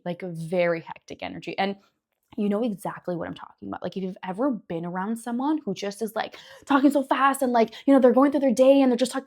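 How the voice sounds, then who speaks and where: Chatty, animated young woman. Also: mid-range voice. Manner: chatty, animated, with many likes and you knows. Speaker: naturopathic doctor and wellness creator. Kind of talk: casual educational talk to camera.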